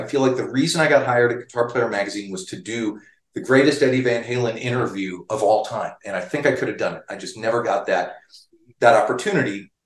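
A man's voice: medium pitch, roomy sound. A man, a guitar magazine writer, telling a long story in an interview, chatty and full of restarts.

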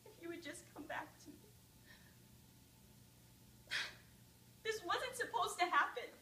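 A woman's voice: very high voice, fairly even intonation, quick pace, a bit bright, a little hiss or hum. A teenage girl performing a monologue as a grieving young mother speaking at her father's grave, tender and reminiscing. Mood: anguished. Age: late teens. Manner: tender, reminiscing, rising to anguished outbursts. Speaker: student performer. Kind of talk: oral interpretation monologue. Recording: echoey room, mic at a distance.

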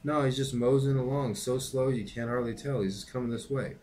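A man's voice: mid-range voice, steady tone, fairly quick, darkish tone, a little hiss or hum, lightly acted. A man reading a novel aloud, voicing a worried, earnest boy who insists he is telling the truth. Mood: insistent.

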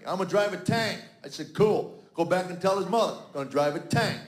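A man's voice: high voice, expressive, normal speed. A man in his fifties doing stand-up comedy, acting out arguments with his family as an exasperated dad. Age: 50s. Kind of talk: stand-up storytelling. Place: stage before a live audience. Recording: roomy live venue sound.

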